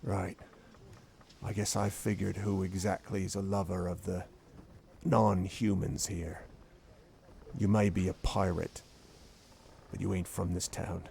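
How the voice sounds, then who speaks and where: A man voicing a gruff, menacing male pirate thug who speaks in a low growl. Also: level tone, unhurried, pauses often, darkish tone, a little hiss or hum, heavily acted.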